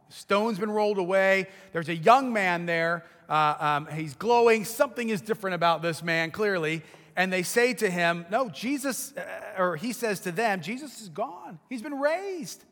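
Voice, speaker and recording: A man preaching a sermon, telling the story dramatically and acting out the voices, building to shouts. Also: high-pitched, expressive, normal speed, in a large hall. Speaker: pastor.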